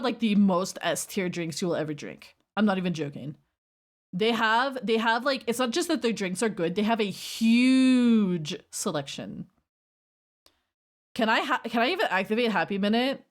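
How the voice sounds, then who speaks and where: A woman's voice: medium pitch, animated, brisk. Chatty woman rambling on a livestream. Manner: rambling, chatty, reacting to chat. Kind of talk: casual livestream chat.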